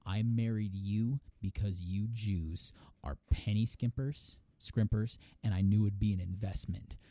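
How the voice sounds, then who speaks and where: A man's voice: lowish voice, fairly even intonation, measured pace, mellow, slight background noise. A man voicing a cruel, bigoted father while retelling a game scene. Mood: contemptuous. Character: abusive bigoted father, gruff older man.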